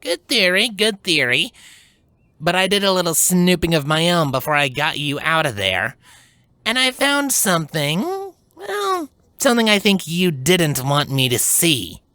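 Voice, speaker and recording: A man's voice: high-pitched, very animated, unhurried, pushed and bright, no echo, voice pushed up, exaggerated voice. A man voicing a sarcastic, tomboyish young female pegasus, with a cold, scolding manner. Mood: mocking.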